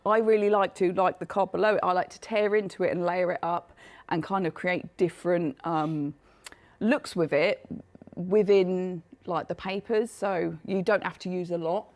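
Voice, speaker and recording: A woman with a hoarse, failing voice, chattily presenting her craft collection on a live shopping show. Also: lowish voice, fairly even intonation, moderate pace, darkish tone. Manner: chatty, self-deprecating, laughs often. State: coughing, losing her voice.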